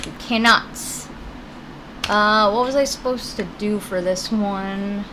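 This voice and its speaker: Chatting with her viewers while gaming on a live stream, a woman breaks off to talk to her puppies at the computer. Her mid-range voice moves slowly, and the background is noisy.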